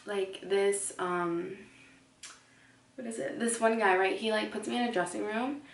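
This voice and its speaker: Gravelly woman ranting in an echoey room. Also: mid-range voice, steady tone, a little slow, distant mic. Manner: chatty, heavy use of "like", blunt and indignant. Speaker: vlogger. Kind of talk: casual ranting to camera.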